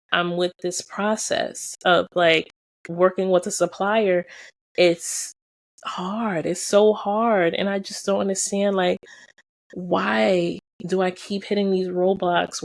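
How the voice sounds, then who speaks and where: Gravelly, low-voiced woman vlogging. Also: no echo. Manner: emphatic, repeats phrases for stress; slangy and direct, addresses viewers. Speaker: vlogger and fashion brand founder. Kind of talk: candid personal vlog storytelling.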